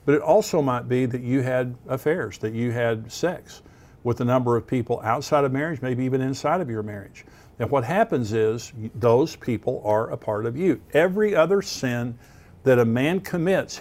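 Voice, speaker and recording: A man's voice: mid-range voice, normal speed, a little mellow. A man preaching as a pastor, giving earnest, plain-spoken teaching with some restarts. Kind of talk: sermon.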